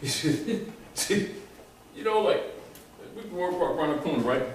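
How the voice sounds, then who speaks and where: A man giving an animated, rambling informal lecture to a small group, restarting his sentences as he goes. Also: fairly high pitch, a little slow. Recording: echoey room, mic far off, faint noise.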